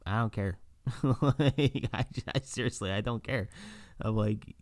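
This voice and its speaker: Deep-voiced male podcaster, solo casual rant, lively storyteller who mimics people, dry sound. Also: unhurried, no echo. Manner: animated storytelling, acts out quoted voices, laughs often. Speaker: podcast host. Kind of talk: casual monologue.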